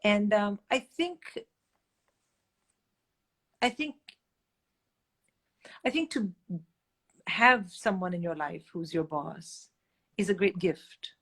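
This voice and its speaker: A middle-aged woman tells candid stories with animated, blunt energy. Her voice sits at an ordinary middle pitch, and she swears freely as she jumps between voices. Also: slow, long pauses. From India. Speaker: guest comedian. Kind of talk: candid storytelling chat.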